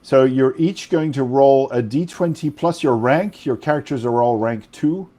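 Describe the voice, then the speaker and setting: A man's voice: medium pitch, normal speed, warm tone. A man whose first language is French, running a tabletop game in English with rambling, self-correcting explanations. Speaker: game master.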